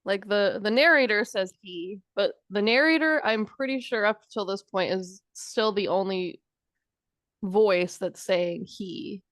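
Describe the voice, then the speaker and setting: A young woman student thinks aloud in a class discussion. She speaks slowly and searches for her words as she goes. Her voice sits in a middle range, recorded dry and close. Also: mid-range voice, a bit bright, no room sound.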